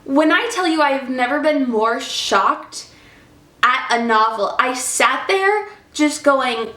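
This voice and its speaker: A woman chats about books as a vlogger, gushing and emotional in her casual review talk. Her voice sits a little high and she takes her time with each thought. The sound carries the echo of a bare room. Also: expressive, takes it slowly, pushed and bright. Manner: effusive, emotional, chatty. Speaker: book vlogger. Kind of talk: casual book review vlog. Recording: echoey room.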